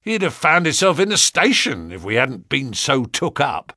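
Gruff common-spoken constable, a man reading him; husky, lively, dry studio. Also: medium pitch, moderate pace, dry recording, full character voice. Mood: aggrieved. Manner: dropped grammar, rough common speech. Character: gruff working-class London police constable, defensive. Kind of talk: audiobook character reading.

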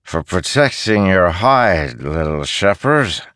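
A slovenly drunk soldier, put on by a male narrator, slurring his words in a slow, lazy drawl. The voice is dry and close to the mic. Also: deep voice, very animated, a bit bright, no room sound, exaggerated voice. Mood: mocking.

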